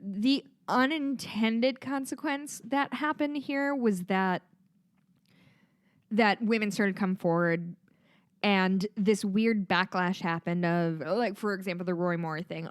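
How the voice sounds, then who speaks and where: A woman's voice: mid-range voice, steady tone, takes it slowly, clean tone, dry recording. Woman, podcast co-host, casual chat, blunt, swears a lot, dry close sound. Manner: blunt, swears freely, acts out quoted voices. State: drinking wine.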